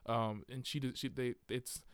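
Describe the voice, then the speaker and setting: A man co-hosting a podcast in casual chat, animated and opinionated. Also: mid-range voice, moderate pace, clear, resonant tone, dry recording, studio quality. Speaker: podcast co-host.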